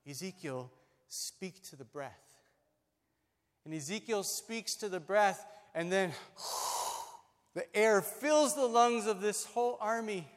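A middle-aged man preaching a sermon as pastor, telling the story dramatically and voicing the people in it. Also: high voice. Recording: long reverb of a large hall.

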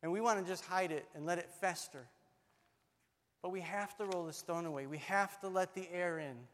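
Middle-aged pastor guy preaching, high pitch, acts out the story, lots of church reverb. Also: moderate pace, a bit bright. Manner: dramatic storytelling, voices the people in the story. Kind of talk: sermon. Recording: long reverb of a large hall.

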